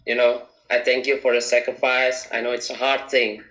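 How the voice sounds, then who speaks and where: Male caller, hesitant and giggly, bright tone, roomy echo. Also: medium pitch, flat delivery, moderate pace. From Indonesia. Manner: hesitant, giggly, many fillers. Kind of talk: phone call-in chat.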